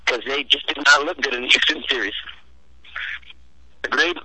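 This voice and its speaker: A man's voice: medium pitch, steady tone, moderate pace, pushed and bright, slightly rough, no echo. A man calling in to a casual sports chat, teasing and rambling through his analysis over the phone. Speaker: caller, sports fan. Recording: tinny phone line.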